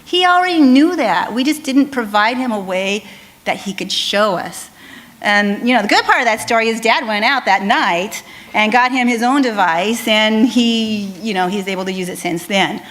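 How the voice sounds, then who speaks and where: A woman speech pathologist giving an animated conference talk, telling stories with frequent ums and restarts. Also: fairly high pitch, normal speed.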